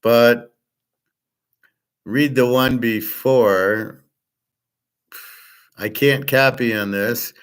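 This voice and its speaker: A man's voice: medium pitch, fairly even intonation, drawn-out words, long pauses, clean tone. A man hosting a livestream, ranting and reading chat comments in a profane, sarcastic, combative way. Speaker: host.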